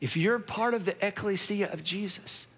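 A pastor preaching a sermon with playful storytelling asides and strong emphasis. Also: male voice, high voice, normal speed, fairly bright tone, husky. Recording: long hall reverb.

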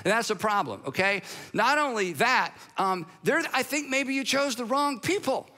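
A man's voice: very high voice, animated, moderate pace, pushed and bright, voice pushed up, heavily acted. A man voicing God the Father as an exasperated older boss who lectures his son and keeps asking "okay?". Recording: long hall reverb.

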